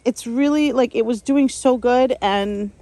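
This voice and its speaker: A woman from upstate New York talking to her camera while she tends her garden, sighing, hesitant and thinking out loud. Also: on the high side, a little slow, no echo. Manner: sighing, hesitant, talks to herself while working. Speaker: gardening vlogger. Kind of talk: casual vlog narration. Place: outdoor garden.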